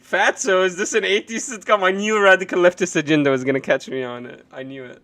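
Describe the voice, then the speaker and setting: A man's voice: high-pitched, steady tone, fast talker. A man hosting a live stream, ranting sarcastically and swearing as he reacts to a video clip. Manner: loud, mocking, sarcastic, swears often. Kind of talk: profane, animated live-stream rant.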